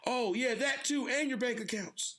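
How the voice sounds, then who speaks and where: A man impersonating a grumpy, drowsy old male president who scolds people to keep quiet. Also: very high-pitched, moderate pace, pitched above the performer's own voice, full character voice. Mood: grumpy scolding.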